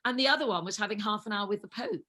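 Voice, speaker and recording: An English actress in her seventies, a guest on a talk show, tells stories in a chatty way and laughs often. Her mid-range voice moves rapid-fire, with a little hiss or hum in the recording.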